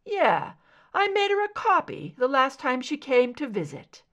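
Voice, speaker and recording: An earnest, protective grown man speaks with plain concern, as a woman reads his lines. The voice moves through a wide, lively pitch range in a storybook reading. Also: a little slow, full character voice. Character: worried, caring adult man, protective boyfriend.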